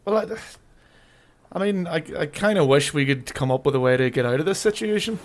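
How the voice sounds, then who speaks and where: A man's voice: on the high side, lively intonation, brisk, a little hiss or hum. A man co-hosting a comedic podcast, answering in short, dry, laconic lines. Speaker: podcast co-host. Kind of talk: comedic improvised sketch chat.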